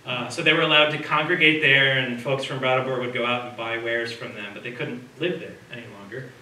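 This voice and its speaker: Man lecturing from a distance, conversational and bright. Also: medium pitch, steady tone, fast. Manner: conversational, asks the audience questions. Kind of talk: public lecture with slides. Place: community hall or lecture room. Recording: roomy sound from a distance, faint background noise.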